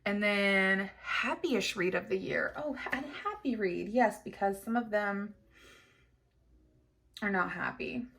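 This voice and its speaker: A woman book vlogger in casual chat to the camera, chatty and animated, gushing over her reads. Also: mid-range voice, slow, gravelly.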